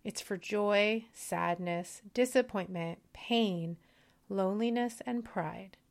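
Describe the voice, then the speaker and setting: A woman's voice: mid-range voice, slow, creaky. A woman voicing God as a patient, weary male creator while reading a story aloud. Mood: tender.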